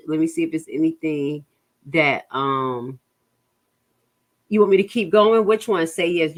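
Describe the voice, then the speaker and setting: A woman with a New Jersey accent works through a legal filing for her viewers, reading in halting stretches full of fillers and restarts. Her voice sits a little low and she breaks off now and then to talk straight to her audience. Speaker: legal commentary host.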